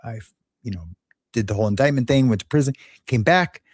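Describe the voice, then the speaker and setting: A man's voice: medium pitch, fairly quick, no echo, clean studio sound. A man from Los Angeles hosting a show, telling a rambling, candid story in a casual monologue and laughing at his own jokes. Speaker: show host.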